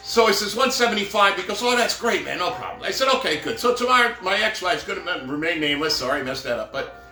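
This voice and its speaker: Talking fast, with an expressive, high-pitched voice and a sharp tone, a middle-aged man who works as a professional Santa spins a casual, meandering monologue. He adds jokey asides and performs the quoted dialogue. The recording carries a roomy echo and faint music.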